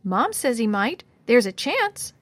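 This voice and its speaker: A woman's voice: on the high side, sing-song, slow pace, dry recording, heavily acted. Woman doing a hopeful little girl. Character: hopeful young girl, gentle.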